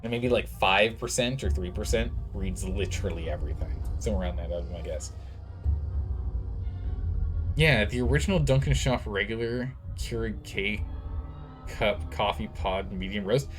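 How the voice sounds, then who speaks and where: A man's voice: on the low side, moderate pace, music in the background. A man streaming a video game, chatting casually with viewers and reading game text aloud. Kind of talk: casual let's-play chat with stream chat.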